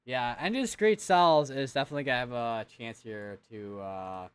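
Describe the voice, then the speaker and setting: A man's voice: medium pitch, normal speed, clean tone. Young man calling live storm updates. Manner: casual, rambling, many fillers and restarts. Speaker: weather stream host. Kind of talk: live severe weather commentary.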